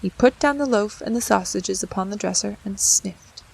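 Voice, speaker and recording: Gravelly-voiced woman reading a storybook. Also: mid-range voice, moderate pace, rough recording. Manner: expressive, acts out voices and sounds. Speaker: audiobook narrator.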